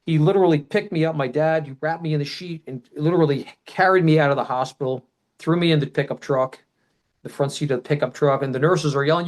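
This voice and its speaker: A middle-aged man, a podcast guest, telling an emotional personal story in a rambling way, full of restarts and loudly quoted shouting. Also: a little high, fast talker, poor audio.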